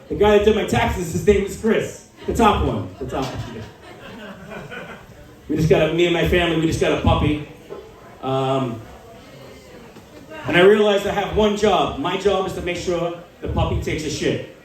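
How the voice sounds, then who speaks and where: A man in his forties performs a stand-up set with a fairly high voice and a deadpan storytelling manner. He acts out the people he quotes. He sounds far from the mic, in a strongly echoing club. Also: normal speed, long pauses. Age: 40s. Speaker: stand-up comedian. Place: small comedy club.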